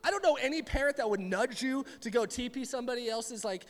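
A young man preaching a sermon to a live audience in a church hall, in a chatty, animated, rambling way. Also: extremely high pitch, fast talker. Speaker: pastor. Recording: long reverb of a large hall.

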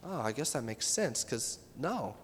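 Man, youth pastor, sermon, lively swooping delivery, acts out quotes, long hall reverb. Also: medium pitch, unhurried, breathy edge. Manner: animated, acts out quoted voices.

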